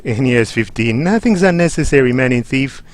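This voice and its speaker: A man's voice: mid-range voice, lively intonation, brisk. Chatty man. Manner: chatty, rambling, jokey. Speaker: livestream host. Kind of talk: let's play commentary.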